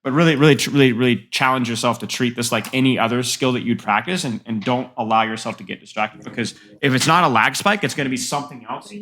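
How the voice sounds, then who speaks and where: A man's voice: mid-range voice, fast, hardly any pauses, bright, forceful tone, slight background noise. Nasal-sounding male coach, rambling. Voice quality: self-described nasal voice. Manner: rambling, filler-heavy, frank. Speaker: game coach. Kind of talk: casual coaching session.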